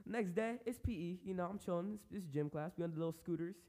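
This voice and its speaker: A young man with a notably high voice, co-hosting a casual podcast. He tells his stories in an animated way, sprinkled with slang. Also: quick pace. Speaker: podcast co-host. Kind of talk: casual chat.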